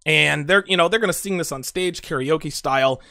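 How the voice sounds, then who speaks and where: A man's voice: on the high side, moderate pace, gravelly, pushed and bright, no echo, clean studio sound. A man giving blunt, profane casual commentary on a TV show, talking straight to his viewers.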